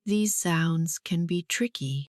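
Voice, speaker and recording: Woman English teacher, scripted lesson, very slow and encouraging, dry close voice-over. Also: fairly low pitch, a little mellow, dry recording. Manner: slow, clear and encouraging, with pauses for repetition.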